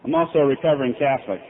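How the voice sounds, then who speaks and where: At a convention, a middle-aged man tells his recovery story candidly, poking fun at himself. He's a fast talker with a mid-range voice, and the tape is tinny and lo-fi with a faint hiss.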